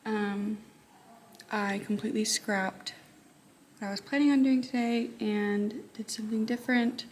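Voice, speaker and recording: A tired young woman with a Texan accent, a high school math teacher chatting casually in a vlog and often dropping to a whisper. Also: fairly even intonation, a little slow, darkish tone, slight background noise.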